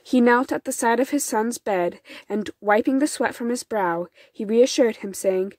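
Woman reading a kids story out loud, soft and slow-ish, bit high, dry sound. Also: dry recording. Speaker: storybook reader. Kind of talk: children's storybook narration.

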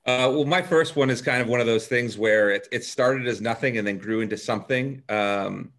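A man's voice: medium pitch, normal speed, fairly bright tone. A man co-hosting a comedy podcast in casual chat, easygoing and hesitant. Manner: easygoing, hesitant with fillers, laughs often. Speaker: podcast co-host.

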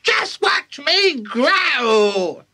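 A man's voice: very high voice, big pitch swings, drawn-out words, gravelly, sharp tone, pitched above the performer's own voice, full character voice. A man reading an audiobook, voicing a wild, greedy old grandmother who screeches and shrieks her lines. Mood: giddy shrieking. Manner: shrieking, giddy, demanding.

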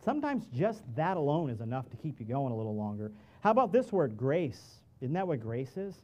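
A middle-aged male pastor giving a conversational sermon in a church, moving between quiet asides and loud, emphatic peaks. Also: mid-range voice, big pitch swings, fairly quick. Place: church sanctuary.

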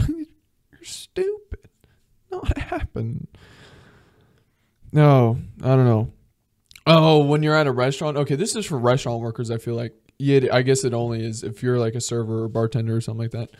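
A young man ranting on his podcast, worked up and exasperated, cursing freely. He keeps acting out little mock conversations between strangers. His pitch sits in an everyday middle range. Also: steady tone, quick pace, darkish tone. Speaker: podcast host. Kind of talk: comedic solo rant.

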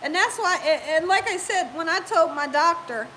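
High, bright-voiced woman with a cough. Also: animated, a little hiss or hum, low-quality recording. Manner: chatty, warm-hearted, quick to laugh. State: lingering cough. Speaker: cooking channel host. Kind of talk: casual live-stream chat, reading viewer comments.

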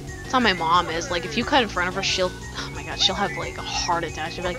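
A woman's voice: on the low side, fairly even intonation, a little fast, music in the background. A woman gamer giving rambling, casual let's play commentary, full of fillers and casual swearing.

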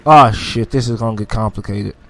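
A man giving casual gameplay commentary, excitable, swearing often and taunting enemies as he plays. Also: fairly low pitch, fairly quick.

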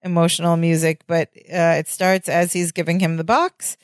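A woman co-hosting a podcast who walks through a sitcom plot beat by beat in casual chat. Her voice sits fairly low for a woman. It is recorded close and dry, with no room echo. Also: moderate pace. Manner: steady play-by-play narration with small laughs. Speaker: podcast co-host.

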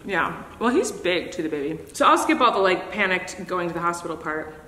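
A young woman hosting a casual eating chat, telling a long story in an animated way with many fillers. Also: fairly low pitch, fairly quick. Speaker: host. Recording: echoey room with long reverb.

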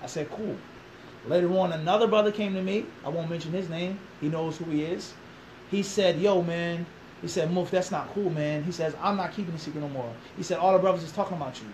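Fast-talking high-voiced man. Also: a little hiss or hum, poor audio. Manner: animated storyteller, acts out quoted dialogue, rhetorical questions. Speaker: interview guest. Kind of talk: storytelling interview.

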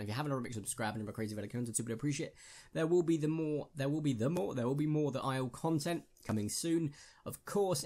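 A man's voice: mid-range voice, a little mellow. A man hosting a gaming channel, giving casual, jokey commentary on his own gameplay and chatting with viewers.

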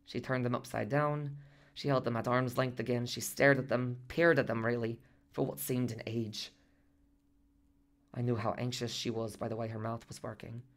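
A man's voice: medium pitch, little pitch movement, moderate pace, natural voice. A man narrating a radio drama monologue as its main character, reflective and self-reproaching.

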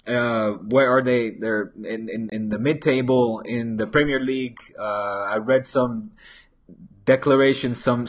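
A man hosts a live football chat show at his desk mic, his voice slightly husky. He rambles casually through viewer comments with lots of fillers and restarts. Now and then he slips a Spanish phrase into his talk. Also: mid-range voice. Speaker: football channel host. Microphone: desk microphone.

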